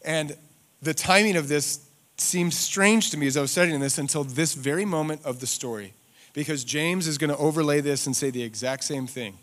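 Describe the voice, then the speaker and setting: A pastor preaching a sermon in church, swinging from loud rhetorical questions to hushed, slowed emphasis. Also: male voice, a little high.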